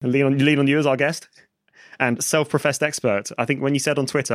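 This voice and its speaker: A man hosting a podcast, steering the discussion in a measured way and filling his pauses with "uh". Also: medium pitch, no room sound, clean studio sound. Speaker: podcast host.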